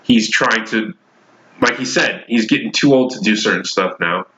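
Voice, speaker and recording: A man's voice: lowish voice, normal speed, pushed and bright, low-quality recording. Enthusiastic rambling man reviewing a show. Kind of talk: casual review monologue.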